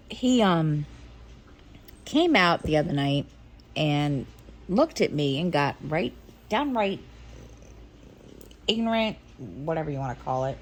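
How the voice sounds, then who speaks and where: A woman's voice: lowish voice, slight background noise. A middle-aged woman chatting casually as a stitching vlogger, rambling and hesitant with many restarts. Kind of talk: casual chat.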